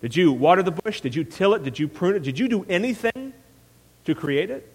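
A man playing a calm male deity who questions a prophet patiently with a gentle, sarcastic edge, heard in a reverberant hall. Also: high voice, fairly quick, husky, full character voice. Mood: patient wry.

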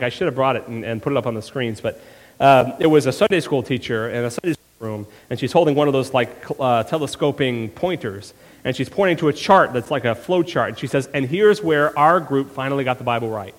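Man preaching in an echoing church. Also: on the high side. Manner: conversational, with rhetorical questions and humorous asides. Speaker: pastor. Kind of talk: sermon.

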